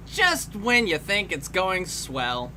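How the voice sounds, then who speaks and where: A man talks casually over a film, his voice high and sharply bright. His delivery is slow and unhurried but swings widely in pitch. He swears freely and breaks into laughter often. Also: very animated, a little hiss or hum. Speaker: film commentator.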